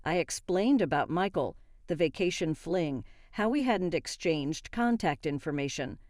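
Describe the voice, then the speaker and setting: A woman reading a first-person story in an even, steady narration. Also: sits low, unhurried, no room sound, studio quality.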